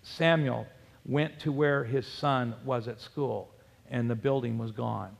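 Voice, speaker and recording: Guy pastor preaching, bit of fry in his voice, lots of "are you ready?" type questions. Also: mid-range voice, fairly even intonation, slow pace. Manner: preaching with rhetorical questions and scripture references. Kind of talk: sermon. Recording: long hall reverb.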